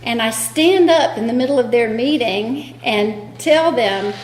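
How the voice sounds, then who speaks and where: A woman's voice: a little high, lively intonation, a little slow, reverberant. A woman giving a candid, self-deprecating talk about her recovery at a meeting, acting out quoted dialogue. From North Carolina. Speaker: AA speaker.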